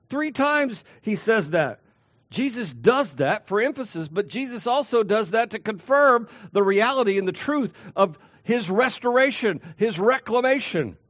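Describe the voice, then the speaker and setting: Male pastor, high voice, earnest expository preaching, dry close sound. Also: dry recording, muffled recording. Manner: earnest, emphatic repetition with slow stressed phrases. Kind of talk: expository sermon.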